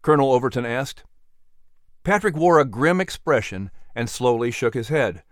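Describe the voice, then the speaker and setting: A man narrating a scripted historical story in a measured storytelling way. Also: mid-range voice, animated, no echo, studio quality.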